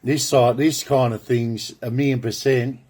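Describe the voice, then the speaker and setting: Man, slow drawl, grandiose, repetitive rambling monologue. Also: medium pitch, fairly even intonation, darkish tone. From Australia. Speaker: video blogger. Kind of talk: rambling monologue, drawing cards.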